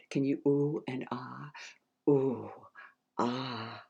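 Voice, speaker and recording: A woman author reading her picture book aloud to children, animated, with call-and-response and chatty teacherly asides. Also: rumbling low, drawn-out words, vocal fry, breathy edge.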